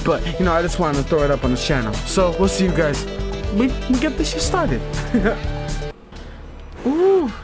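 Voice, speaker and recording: A man in his twenties doing goofy, profane gameplay commentary and laughing a lot. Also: on the high side. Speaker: let's play gamer. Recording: game audio over game music. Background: game music.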